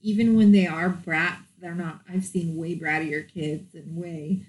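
A woman's voice: on the low side, fairly even intonation, a little slow, rough recording. A woman co-hosting a podcast in casual chat, frank and talkative, swearing and laughing easily. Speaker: podcast co-host.

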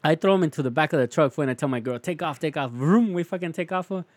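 A young man tells a story in loose, profane slang, dropping "fool" into nearly every line. His voice sits a little high for a man. The sound is dry and close, with little room around it. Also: rapid-fire, no echo. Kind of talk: casual storytelling chat.

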